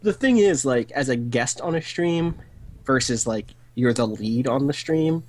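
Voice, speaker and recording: Man, mid-pitched, rambling joker on a stream call, faint line hiss. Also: lively intonation, a little slow, a little mellow. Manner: joking, rambling, sarcastic asides. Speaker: stream co-host. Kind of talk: casual chat on a game stream.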